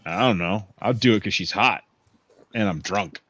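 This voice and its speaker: Low-voiced man joking crudely at the table. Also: normal speed, sharp tone. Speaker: player. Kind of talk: casual game banter. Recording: dry, dull lo-fi audio.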